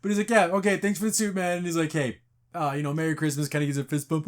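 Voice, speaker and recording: A man's voice: fairly high pitch, level tone, racing. A man hosting a casual review podcast, animatedly retelling scenes and acting out the characters' lines. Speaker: podcast host.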